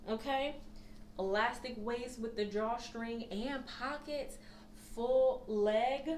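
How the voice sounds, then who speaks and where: A woman's voice: a little high, slow pace, darkish tone, a little hiss or hum. A young woman chatting casually about her thrift haul for resale, gushing and laughing often. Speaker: reseller vlogger. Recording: echoey room.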